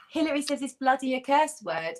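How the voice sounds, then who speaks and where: A British woman guesting on a livestream chats casually and enthusiastically, gushing about fragrances. Her high voice is expressive and darkish in tone, at a normal speed.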